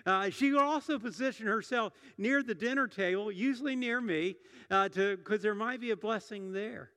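High-voiced male pastor in a hall. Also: normal speed, bright, forceful tone. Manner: conversational, restarts often, repeats words. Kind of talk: sermon. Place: church sanctuary. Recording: long hall reverb.

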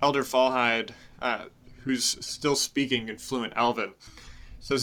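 Man game master, bright voice, relaxed narration, tabletop game. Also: medium pitch, slow.

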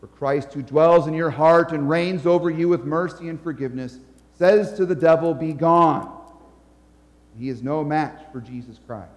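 A man's voice: on the high side, normal speed, darkish tone, big-room sound. A male pastor preaching an earnest, emphatic sermon in a church.

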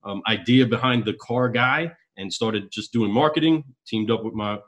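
A man, a guest on a podcast, telling a story in a relaxed, conversational way. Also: lowish voice, normal speed. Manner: relaxed, storytelling with quoted dialogue. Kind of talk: casual storytelling.

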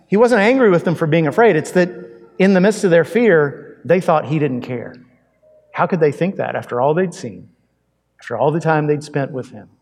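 Guy preaching a sermon, chatty and animated, bit high voice, long echo in a big hall. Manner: conversational, animated preaching with rhetorical questions. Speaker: pastor.

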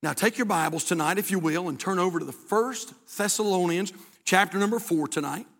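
A man's voice: high voice, brisk, fairly bright tone, long reverb tail. An older man preaching a sermon as pastor in a church, folksy and emphatic, repeating his key phrases. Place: church sanctuary.

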